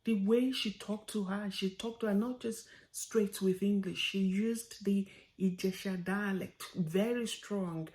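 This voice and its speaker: A woman gives a heartfelt memorial tribute to her mother. She speaks earnestly and sometimes drops to a soft whisper. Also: medium pitch. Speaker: daughter giving a tribute.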